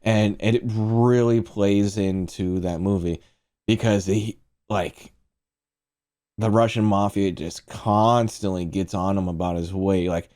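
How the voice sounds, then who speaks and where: Laid-back guy rambling through movie reviews on stream, swears a lot, mellow low voice. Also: steady tone, slow pace. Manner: rambling and profane, talks to chat. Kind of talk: casual stream chat.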